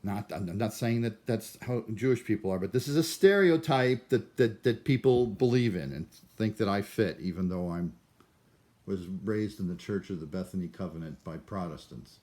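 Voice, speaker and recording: A man with a lowish voice rambling through a vlog monologue, full of restarts. He talks in a self-deprecating, neurotic way, wandering from topic to topic. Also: animated, moderate pace, darkish tone. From Cleveland, USA. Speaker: vlogger.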